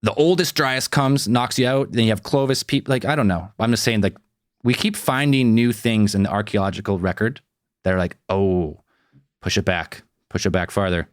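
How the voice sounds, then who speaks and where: A man's voice: fairly low pitch, no echo, clean studio sound. A man co-hosting a podcast, rambling and swearing freely in casual chat. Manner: rambling, swears, quick to joke. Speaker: podcast co-host.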